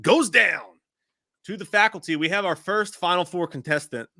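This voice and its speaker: A man's voice: high-pitched, brisk, sharp tone, dry recording, studio quality. A man hosting a live-stream show, talking in loose, profane banter. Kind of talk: casual live-stream chat.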